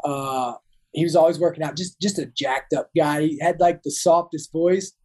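Rambling man, mellow voice. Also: on the high side, fairly even intonation, moderate pace, poor audio. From Kentucky. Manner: rambling, many restarts and fillers. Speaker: guest, Marine veteran. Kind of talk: casual storytelling interview.

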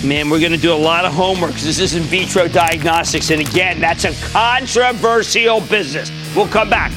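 An older man hosting a finance call-in show, excitable and emphatic in rapid-fire bursts. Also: fairly high pitch, over music. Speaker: TV stock market show host.

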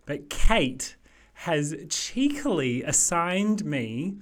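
A podcast co-host in casual chat, laid-back and quick to laugh. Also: mid-range voice, sing-song.

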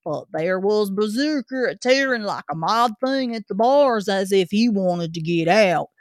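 A grumpy old zookeeper grumbles along in a thick, rough dialect, voiced by a woman. He takes his time over every word. The sound is dry and close, with no room around it. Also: mid-range voice, expressive, measured pace, no echo, lightly acted. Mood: gruff. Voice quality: rough working-class dialect. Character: gruff old male zookeeper, grumpy but chatty.

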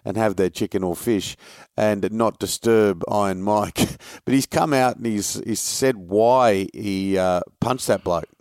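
A man hosting a sports podcast, leading the topics in a relaxed conversational way. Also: lowish voice, measured pace, few pauses, clean tone, dry recording, studio quality. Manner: conversational, leads the segments. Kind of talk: casual sports chat.

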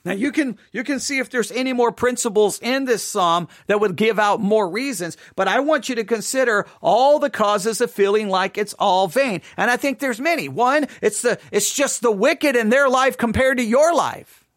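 This Bible teacher has an extremely high-pitched voice with a fairly bright tone and a moderate pace. He reads scripture in a devotional study, talks through its meaning conversationally, and sometimes performs the voices of the proud and the doubter in the text. The audio is dry and of studio quality.

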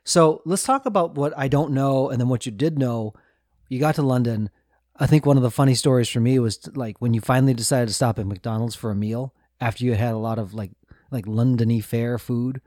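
A man co-hosting a podcast, talking in a reflective, easygoing way and laughing often. His pitch is middling. The recording is dry and close, with no room sound. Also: brisk, darkish tone, no room sound. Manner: reflective, asks questions, laughs easily. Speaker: podcast co-host. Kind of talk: casual chat.

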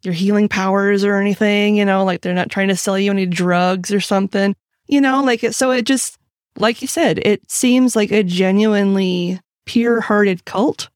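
A woman's voice: medium pitch, fairly even intonation, moderate pace, dry recording, studio quality. A woman guesting on a podcast, giving frank opinions in casual talk full of fillers like "like" and "you know". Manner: frank, filler-heavy, speaks in bursts.

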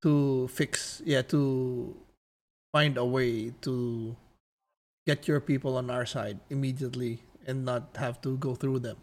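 A man playing a tabletop game, halting and restarting as he lays out plans. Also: mid-range voice, little pitch movement, a little mellow. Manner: halting, restarting, eager planner. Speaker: player. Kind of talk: tabletop role-play, in and out of character.

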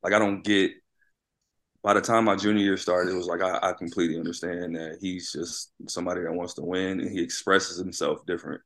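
A man with a very low voice tells an animated basketball story in a casual interview. He is a former college player who now coaches high school, and he keeps checking in with his listener. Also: a little fast.

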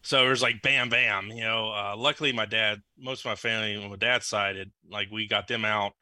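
A man's voice: on the low side, steady tone, brisk, pushed and bright, no room sound. A man from Louisiana chatting as a podcast guest, rambling through a story and acting out the scene in raised voices. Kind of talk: casual chat, storytelling.

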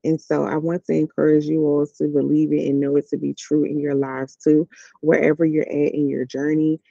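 A fairly high-pitched man with a gravelly, very dark and mellow voice delivers an earnest devotional reflection, repeating key words to drive them home. The recording is dry and dull, a lo-fi sound. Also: little pitch movement, normal speed, no room sound. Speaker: podcast host.

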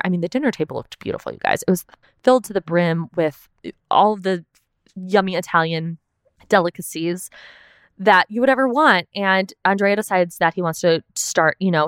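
Chatty young woman with a smooth, low voice. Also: dry recording, studio quality. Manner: chatty, peppered with "like", swearing. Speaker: podcast host. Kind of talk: casual recap chat.

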